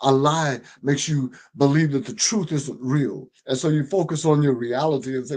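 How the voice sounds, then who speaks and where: A man's voice: medium pitch, steady tone, normal speed, hardly any pauses, a little mellow. A middle-aged man, a book publisher and strategist, giving a motivational livestream talk in an emphatic, preachy way, repeating key phrases and often restarting his sentences. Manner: frequent restarts and stumbles.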